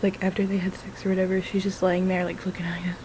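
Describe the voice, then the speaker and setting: A woman's voice: on the low side, completely flat delivery, fast talker, a little mellow, a little hiss or hum, poor audio. A woman casually recapping a film she watched, talking loosely, swearing often and breaking into giggles. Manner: giggly, profane, keeps breaking into laughter. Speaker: vlogger reviewing a film.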